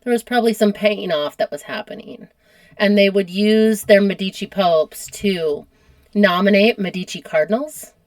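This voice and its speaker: An American woman hosting a casual history podcast, chatty and quick to laugh at herself. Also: mid-range voice, darkish tone, dry recording. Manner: chatty, laughs often, self-deprecating. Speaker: podcast host.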